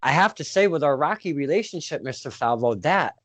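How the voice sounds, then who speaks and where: A man's voice: on the high side, lively intonation, a little fast, background noise. A man hosting an interview over a video call, rambling and self-deprecating in his questions. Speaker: interviewer and host. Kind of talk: casual interview.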